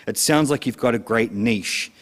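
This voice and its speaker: A man's voice: mid-range voice, normal speed, in a large hall. A man hosting an online awards ceremony, announcing winners in a playful, upbeat way. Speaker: awards host.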